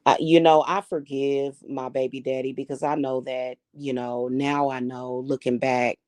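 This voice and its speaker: A woman's voice: a bass voice, little pitch movement, moderate pace, a little mellow, dry recording. A woman hosting a casual livestream as a spiritual reader, telling stories in a blunt, profane and emphatic way.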